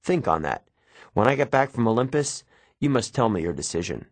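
A man voicing an older male centaur teacher, measured and gentle, in an audiobook. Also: mid-range voice, sing-song, dry recording. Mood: grave.

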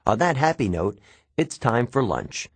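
A man voicing a demanding male Latin teacher in a storybook reading, speaking in a formal, measured, precise way. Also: medium pitch, very animated, husky, no echo, exaggerated voice. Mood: stern.

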